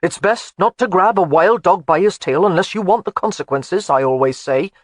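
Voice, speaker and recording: A narrator voicing a blustering, fond old Highland man in an audiobook, blunt and scolding. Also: moderate pace, no echo, studio quality. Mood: coaxing. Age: older. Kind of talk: audiobook character voice.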